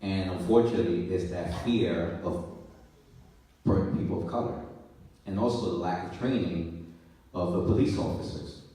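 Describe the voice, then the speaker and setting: A police officer on a live panel, speaking in a measured, earnest way. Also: male voice, low voice, mellow. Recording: echoey hall, distant mic.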